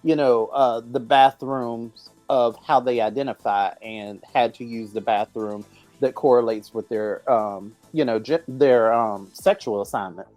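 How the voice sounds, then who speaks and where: A woman's voice: a bass voice, measured pace, a little mellow, no room sound, soft background music. A woman co-hosting a casual talk show, ranting bluntly and with profanity about the news. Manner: ranty, blunt and profane, laughs easily. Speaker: podcast co-host. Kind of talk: casual opinionated chat.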